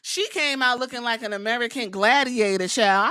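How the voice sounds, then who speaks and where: A woman hosting a podcast, recapping a wrestling show in animated, profane, storytelling chat. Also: fairly high pitch, normal speed, few pauses, smooth. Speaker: podcast host.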